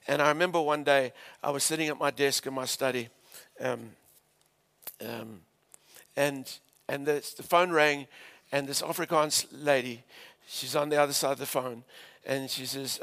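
A South African man in his fifties preaches to a church congregation, his voice a touch high. He tells stories animatedly, stumbling over restarts and laughing with the crowd. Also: normal speed, vocal fry, a bit bright. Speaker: pastor. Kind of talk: sermon storytelling. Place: church before a live audience.

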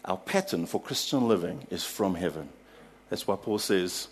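A South African man preaching a sermon, telling a lively personal story and laughing at his own anecdotes before drawing a lesson. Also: deep voice, normal speed, breathy edge. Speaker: pastor.

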